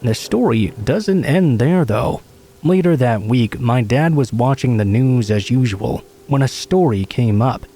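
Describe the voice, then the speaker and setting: Mellow-voiced man narrating horror stories. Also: mid-range voice, breathy edge. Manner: steady, measured storytelling. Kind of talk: scripted narration of true scary stories.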